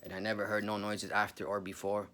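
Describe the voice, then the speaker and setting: A man's voice: on the low side, completely flat delivery, fast, fairly bright tone. A man in his forties telling a spooky personal story in a rambling, profane, casual way, calling the listener bro.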